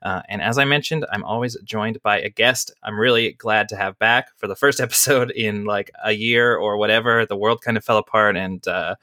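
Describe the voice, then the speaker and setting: A podcast host with the hiccups chats casually and rambles, with lots of fillers and laughter. His lowish voice has a sharp tone and a normal pace with hardly any pauses, in a dry, studio-quality recording.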